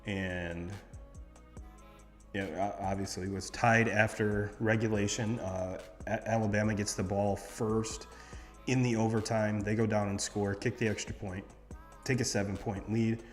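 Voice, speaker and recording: Man, sports host, rambling stat recap, low voice, long echo, faint music behind. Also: fairly even intonation, measured pace. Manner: rambling, reads off stats with many fillers.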